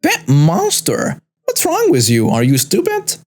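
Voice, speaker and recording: A man voicing a shrill, screeching entitled older woman in a narrated story. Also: huge pitch swings, unhurried, darkish tone, exaggerated voice. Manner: screeching, high and accusing.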